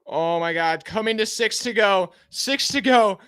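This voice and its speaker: A man live-streaming a car race, giving excited, anxious fan play-by-play and pleading with the drivers, sounding out of breath. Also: high voice, a little slow, smooth, no room sound.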